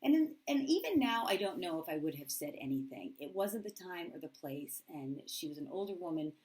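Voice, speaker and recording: A middle school teacher speaks straight to camera, telling a personal story with candid feeling and acting out remembered dialogue in her own voice. Her lowish voice is sing-song and darkish, at a moderate pace.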